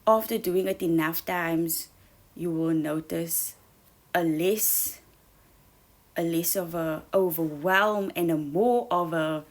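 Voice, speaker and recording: A woman giving an earnest motivational talk, coaching listeners and calling them babes, sometimes dropping to a soft whisper for emphasis. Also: on the low side, slow. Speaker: self-help speaker. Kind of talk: motivational monologue.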